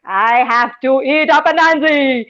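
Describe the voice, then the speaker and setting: A frail, crafty wolf, put on by a woman storyteller, whines about his weakness in a high voice with a sly edge. Heard on a dull, lo-fi recording. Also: a little slow, a bit bright. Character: weak, frail and cunning hungry wolf.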